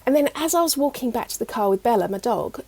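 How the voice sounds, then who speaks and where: A middle-aged woman, telling personal stories as an interview guest in a chatty, animated way. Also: a little high, quick pace, breathy edge. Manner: chatty, animated retelling with many fillers. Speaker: guest, EFT practitioner. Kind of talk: casual interview storytelling.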